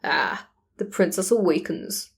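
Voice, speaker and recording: A woman voicing a mocking, gravelly young male fire villain in a read-aloud story. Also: fairly low pitch, unhurried, heavily acted. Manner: mocking, nonchalant.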